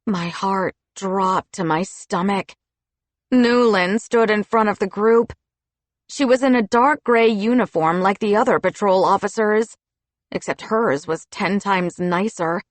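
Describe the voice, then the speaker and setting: A woman narrating an audiobook in the first person, in an expressive storytelling manner. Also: mid-range voice, a little slow, no room sound.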